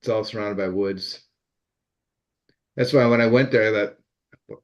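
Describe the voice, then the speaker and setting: A man's voice: on the low side, fairly even intonation, measured pace, long pauses. An older man from California in a casual group chat, talking in a chatty way, repeating words and telling jokes. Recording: dull lo-fi sound.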